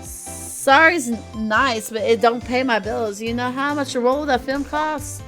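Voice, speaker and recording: A woman's voice: a little high, unhurried, a bit bright. A woman doing a brash drawling Southern gal. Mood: indignant. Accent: American Southern, put on. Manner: drawling, sassy, folksy. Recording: game music underneath. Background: video game music.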